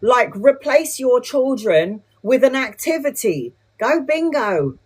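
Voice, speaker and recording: A woman reading tarot live for her viewers, talking straight to them in a blunt, chatty way. Her voice sits a little high for a woman, and she drops in casual swearing while she gives advice. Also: sing-song, slow, a little mellow, breathy edge. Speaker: tarot reader.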